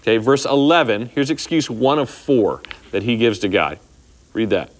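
A man's voice: medium pitch, expressive, normal speed. A man teaches scripture to a small group in an easy, conversational way. He keeps checking in with "okay?" and acts out the lines he quotes. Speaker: Bible teacher. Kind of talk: informal Bible study teaching.

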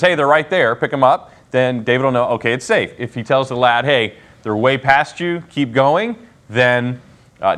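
Man, Bible class teacher, casual, animated, joking, asks questions. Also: mid-range voice.

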